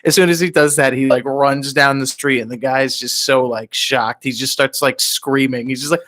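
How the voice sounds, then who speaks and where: A young man co-hosting a podcast, reacting in an excitable, slangy way and swearing freely. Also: mid-range voice, normal speed. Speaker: podcast co-host. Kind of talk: casual chat.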